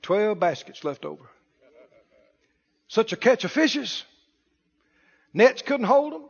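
A man preaching a sermon in call-and-response style, building to shouted emphasis. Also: high-pitched, big pitch swings, slow pace, gravelly, pauses often, breathy edge, big-room sound, dull audio. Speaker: pastor.

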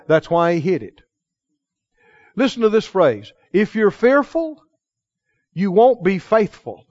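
High-voiced preacher in a lo-fi recording. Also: male voice, sing-song, darkish tone. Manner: emphatic, call-and-response with the congregation; slows for key phrases, acts out dialogue in quoted voices. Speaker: pastor. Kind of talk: sermon. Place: church.

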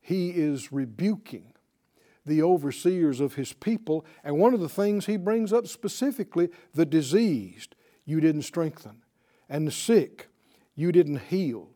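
High-pitched, lively preacher man. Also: unhurried. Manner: animated, asks the audience questions for call-and-response. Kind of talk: sermon. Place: teaching before a live audience.

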